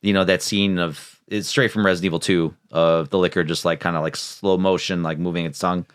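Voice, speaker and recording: Deep-voiced man chiming in on a podcast. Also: steady tone, fairly quick, clean tone. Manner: agreeable, chimes in often with short yeahs. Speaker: podcast co-host. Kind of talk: casual movie podcast chat.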